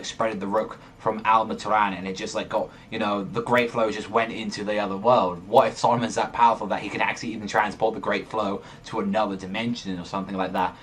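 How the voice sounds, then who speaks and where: A young man hosting a manga reaction video, talking in an excited, rambling way and swearing a lot. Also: lowish voice, a little hiss or hum. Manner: excitable, swears often, rambling run-on sentences. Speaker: manga reaction channel host. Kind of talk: excited casual reaction monologue.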